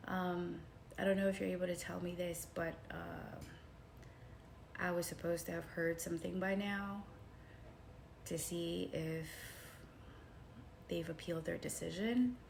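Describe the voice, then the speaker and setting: A woman telling a personal story to her viewers in a casual, animated way, calling them y'all and swinging from hushed retellings to excited outbursts. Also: fairly low pitch, takes it slowly, vocal fry, long pauses, a little hiss or hum. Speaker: vlogger.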